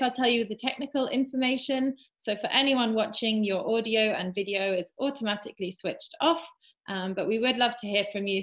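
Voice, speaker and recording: A woman's voice: medium pitch, a bit bright. A woman hosting an online webinar over a video call, upbeat and chatty with filler ums. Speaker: webinar host.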